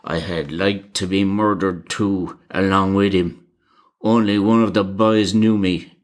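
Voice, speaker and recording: A man voicing a grim old male Irish car driver who speaks with a thick brogue and warns gravely. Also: deep voice, steady tone, a little slow. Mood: earnest warning.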